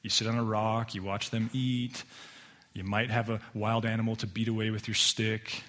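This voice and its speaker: A man's voice: fairly low pitch, level tone, normal speed, fairly bright tone. A man preaching a conversational sermon in a church, casual and joking, often restarting his sentences. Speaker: pastor. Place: church sanctuary.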